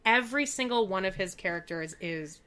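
A woman co-hosting a casual chat, animated, dropping from loud exclamations to mumbles. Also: medium pitch, fairly quick, a loud crowd. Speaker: podcast co-host.

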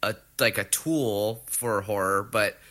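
Man, podcast co-host, low bright voice, halting casual chat. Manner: hesitant, halting, casual swearing.

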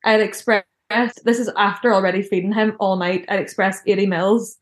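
A woman's voice: medium pitch, fairly even intonation, a little fast, echoey room. A young woman telling a personal story in a casual, chatty way, filling her speech with "like". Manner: chatty, heavy use of "like" fillers.

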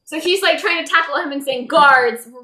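Give me a chatty woman player with a bright voice in a roomy space. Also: very high voice, quick pace. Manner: chatty, asks questions. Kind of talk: tabletop game play. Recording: roomy echo.

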